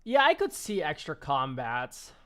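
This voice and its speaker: A man's voice: fairly high pitch, huge pitch swings, measured pace, fairly bright tone. A man streaming a casual card-game deck review, rambling and offhand, swearing and laughing easily.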